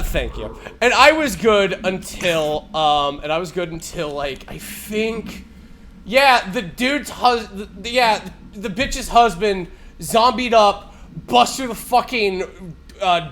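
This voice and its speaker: A man in his forties, a live streamer, telling a story in a casual, animated and profane way with frequent laughs. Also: sits high, slow, slight background noise.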